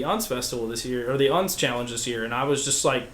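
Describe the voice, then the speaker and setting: A young man casually telling a story as a podcast guest, excitable and full of restarts, swearing freely. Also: mid-range voice, moderate pace, roomy sound.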